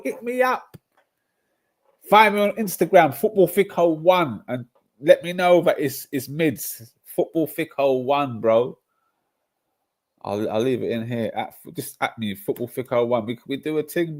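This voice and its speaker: A man with a London accent hosting a casual football livestream, talking in an animated way, laughing often and reading out chat. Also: medium pitch. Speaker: streamer.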